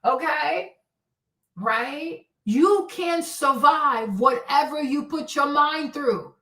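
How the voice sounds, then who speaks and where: Slow-paced and expressive, a high-pitched, fairly bright voice carries a forties-aged woman's casual livestream rant, blunt and preachy, dotted with "right?". The sound is echoey, with her voice somewhat distant from the mic.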